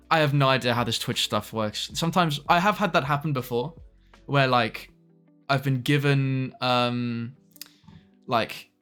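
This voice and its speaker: A man's voice: mid-range voice, pushed and bright. Chatty British streamer guy. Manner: chatty, greets viewers by name, laughs often, trails off mid-sentence. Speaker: live streamer. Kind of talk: casual live-stream chat.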